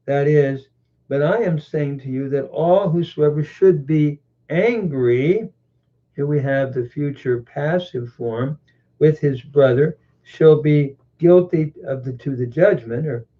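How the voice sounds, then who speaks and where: A man teaching scripture, reading verses in several languages and explaining their grammar with frequent pauses and self-corrections. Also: a little high. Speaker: Bible teacher. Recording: muffled lo-fi recording.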